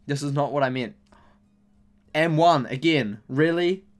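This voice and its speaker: His voice on the high side and his pace a little slow, a young gaming YouTuber cracks open game packs. His casual commentary turns into exasperated, repetitive, mock-angry complaints about his rotten luck.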